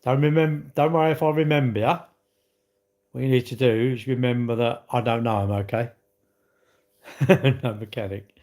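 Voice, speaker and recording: A man's voice: medium pitch, steady tone, moderate pace, long pauses, a little mellow. A man hosting a casual live stream, rambling and blunt as he reads out viewer comments and laughs often.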